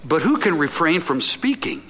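Man, middle-aged pastor, conversational sermon, acts out stories, bright sharp tone, long hall echo. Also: on the high side, moderate pace. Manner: animated storytelling, acts out scenes. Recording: long reverb of a large hall.

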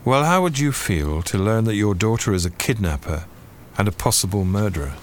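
An actor playing a priest who questions a suspect in a measured, probing, sardonic way. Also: male voice, lowish voice, big pitch swings, slight background noise. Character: shrewd male priest interrogating a suspect. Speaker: priest investigator.

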